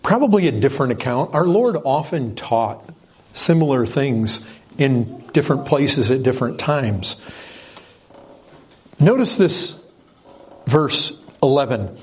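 A man's voice: mid-range voice, lively intonation, unhurried, pauses often, slightly rough. A man preaching an earnest, emphatic sermon, repeating words for stress.

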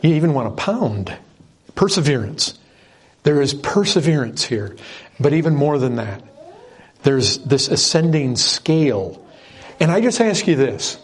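A man preaching with a husky, slightly breathy voice pitched a little higher than most men. He speaks earnestly and with emphasis, often repeating words to drive a point home. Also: sing-song, a little slow, pauses often. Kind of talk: sermon.

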